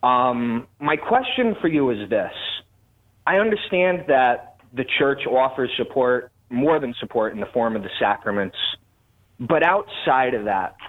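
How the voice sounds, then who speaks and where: A man from Connecticut calling in to a radio show, asking his question in a hesitant, halting way with repeated words. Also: medium pitch, expressive. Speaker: caller. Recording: tinny phone line.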